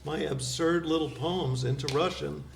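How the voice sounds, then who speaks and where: A middle-aged man, a poet guest, chatting casually in a wry, rambling way with a gravelly voice. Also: a little high, steady tone, normal speed. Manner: wry, rambling storyteller with laughs. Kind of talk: casual chat. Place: community cable studio. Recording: roomy studio with faint hiss.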